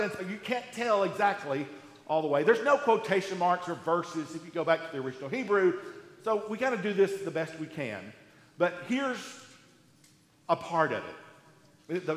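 A man's voice: high voice, fairly bright tone. A man preaching a sermon as pastor, emphatic and repetitive, acting out sarcastic quoted voices. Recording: echoey hall.

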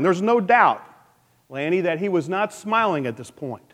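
Male pastor, fairly high voice, playful animated preaching, long hall reverb. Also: normal speed. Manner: animated, playful asides with sound effects. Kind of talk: sermon.

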